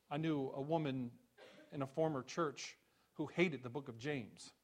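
A male pastor delivering a sermon, building to loud, rising rhetorical questions and dropping low and soft on key phrases.

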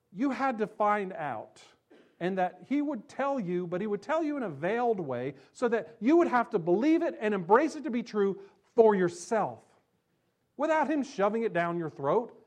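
A pastor preaching a sermon, emphatic, slowing down on key phrases and dropping low and soft when he quotes scripture. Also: sing-song.

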